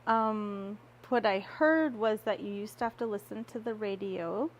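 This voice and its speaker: A woman hosting an interview, gently prompting her guest with questions. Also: mid-range voice, unhurried, dull audio, a little hiss or hum. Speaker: host. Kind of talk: interview host.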